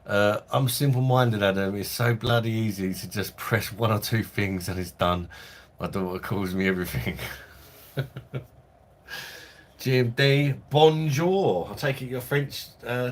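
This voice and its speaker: A man's voice: mid-range voice, a little slow. A man hosting a casual live stream from home, chatting and joking with viewers and laughing often in a loose, rambling way. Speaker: live-stream host reading viewer chat.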